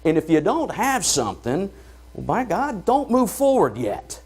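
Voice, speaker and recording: A middle-aged man giving an emphatic, folksy motivational keynote talk at a conference, pushing loud then dropping quiet. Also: sits high, wildly swooping pitch, a little slow, slightly rough. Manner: emphatic, folksy, swings between loud pushes and quiet drops. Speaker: conference speaker.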